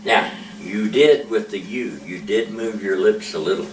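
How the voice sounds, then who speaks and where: A man, a preacher, giving an informal ventriloquism lesson with slow, patient, drawn-out demonstrations. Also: on the low side, a little hiss or hum. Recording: echoey room, mic far off.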